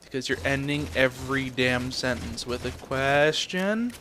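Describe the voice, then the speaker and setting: A man's voice: mid-range voice, unhurried, bright, forceful tone, a little hiss or hum. Ranting young man, profane and blunt. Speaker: gameplay commentator. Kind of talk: casual storytelling and game commentary voice-over.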